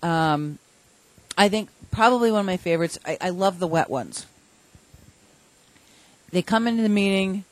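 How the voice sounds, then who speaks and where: A woman's voice: lowish voice, expressive, normal speed, long pauses, dry recording. Woman guest, casual and chatty, laughs through her anecdotes. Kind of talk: casual storytelling chat.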